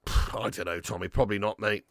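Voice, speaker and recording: A young man hosting a live football watch-along, reading out chat messages and commentating casually, swearing and shouting at players before dropping back to low mutters. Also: fairly even intonation, quick pace, gravelly, no room sound, clean studio sound.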